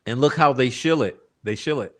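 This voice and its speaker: A man's voice: mid-range voice, brisk, a bit bright. A man hosting a true-crime channel, delivering blunt, profane, exasperated commentary straight to his viewers. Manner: addresses the chat directly. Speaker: channel host.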